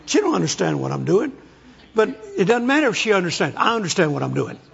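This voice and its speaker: A man's voice: sits high, big pitch swings, fast talker, creaky. A man preaching a sermon, telling stories with folksy humor, in an echoey, muffled recording. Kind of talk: storytelling sermon. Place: large hall, speaking to an audience.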